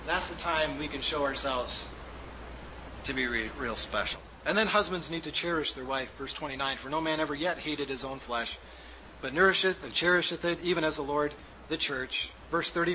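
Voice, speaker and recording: A man's voice: fairly high pitch, moderate pace, bright, forceful tone, slight background noise, low-quality recording. A man preaching a sermon as pastor, building to emphatic peaks and acting out the lines of husbands and wives. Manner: preaching with rising emphasis, acting out quoted dialogue.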